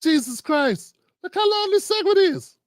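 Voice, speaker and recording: High-pitched male commentator, fired-up ranter, dry close sound. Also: moderate pace, dry recording. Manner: animated, exasperated rants with swearing. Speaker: political commentary streamer. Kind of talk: reaction commentary on news clips.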